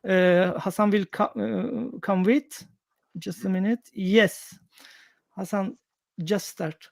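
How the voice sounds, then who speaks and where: A man hosting a live online panel, speaking haltingly with many pauses and restarts. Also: high-pitched, steady tone, gravelly, dry recording, clean studio sound. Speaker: host.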